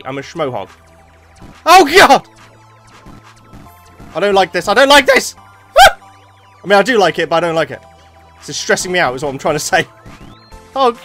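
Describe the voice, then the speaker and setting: A man giving jokey let's play commentary as a gaming YouTuber, getting excitable and yelping at close calls. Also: fairly high pitch. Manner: excitable, jokey, yelps at near misses.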